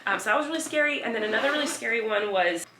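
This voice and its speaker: A woman in her thirties talking casually to her viewers in a rambling, animated vlog, full of fillers and asides. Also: fairly high pitch, racing, echoey room, background noise. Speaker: vlogger. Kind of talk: casual chatty vlog storytelling.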